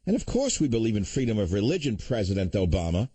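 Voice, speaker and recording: Husky combative male radio host. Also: on the low side, sing-song, quick pace, few pauses, warm tone, dry recording, low-quality recording. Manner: combative, ranting, insulting. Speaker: radio talk show host. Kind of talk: political talk radio commentary.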